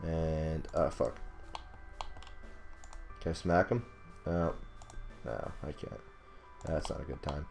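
Deep-voiced young man cursing over gameplay. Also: slow pace, creaky, long pauses, darkish tone, soft background music. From not British. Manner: rambling, swears a lot, laughs at himself, outbursts of frustration. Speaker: gaming commentator. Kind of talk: casual gameplay commentary.

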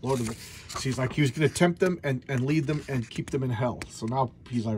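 Brief: laid-back male collector flipping through a back issue, mid-pitched, loose and rambling, faint hiss behind. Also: lively intonation, moderate pace, a little mellow. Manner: rambling, many restarts and fillers. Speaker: comic book collector vlogger. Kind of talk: casual comic review chat.

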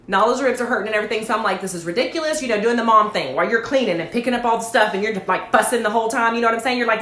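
A woman's voice: on the high side, rapid-fire, hardly any pauses. Chatty woman on a livestream. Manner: chatty, addresses viewers as y'all, animated asides. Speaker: network marketing livestream host. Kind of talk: casual livestream storytelling. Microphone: phone or webcam livestream. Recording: echoey room.

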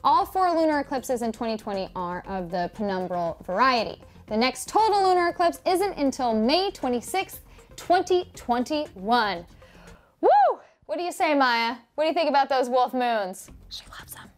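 A young woman presents space news straight to camera. Her voice sits high and swoops animatedly. She keeps it upbeat with playful, jokey asides to her viewers. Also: animated, normal speed. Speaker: news show host.

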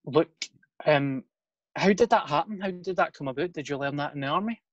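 A man's voice: a little high, brisk, highs cut off. A Scottish man hosting a casual podcast chat, teasing his guest with jokey banter and swearing.

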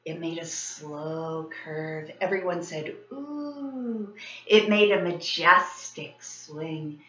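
A woman teacher reading a children's story aloud in an expressive, animated way. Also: low-pitched, slow pace. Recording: roomy, slightly dull sound.

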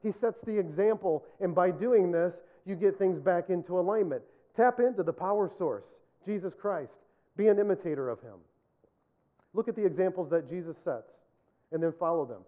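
High-voiced pastor preaching, tinny sound. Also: male voice, expressive, moderate pace. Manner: earnest, repetitive emphasis, self-deprecating humor. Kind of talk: sermon.

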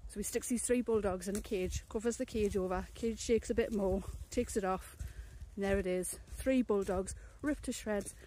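A woman telling a crude pub joke in a deadpan, matter-of-fact way, swearing casually. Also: mid-range voice, normal speed, few pauses, slight background noise. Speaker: joke teller.

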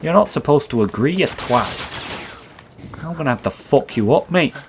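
Heavy background noise surrounds this host as he voices a crude gamer persona, taunting and trash-talking through gameplay commentary in a borrowed accent he admits isn't his. The delivery is foul-mouthed and brash. His fairly high, gravelly voice is animated and moves at normal speed.

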